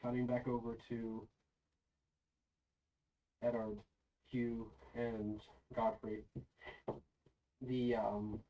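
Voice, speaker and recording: A man narrating a tabletop game as its game master, his voice mid-pitched and set a little back from the microphone. He tells the action in a loose, casual way, full of ums and "kind of". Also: little pitch movement, drawn-out words, pauses often, muffled recording. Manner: loose, filler-heavy narration. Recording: voice a bit far from the mic.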